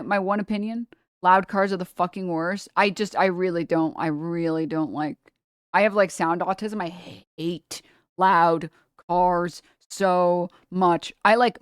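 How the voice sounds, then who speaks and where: Young woman streamer, casual animated rant, close dry mic. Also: lowish voice, no room sound. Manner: animated ranting, swearing, quick asides. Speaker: livestream host. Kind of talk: casual chat.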